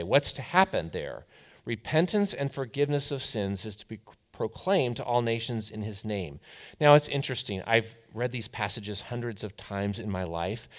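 A man preaching a sermon as a pastor, telling the story in a conversational, animated way. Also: medium pitch.

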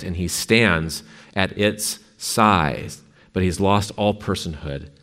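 A male preacher giving a sermon, telling and reading a story in an emphatic, dramatic way. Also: low-pitched.

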